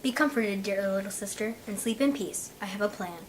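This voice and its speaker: A woman reading the part of a brave boy comforting his sister, gentle and steady. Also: medium pitch, fairly quick, a little hiss or hum, close to an everyday voice, low-quality recording.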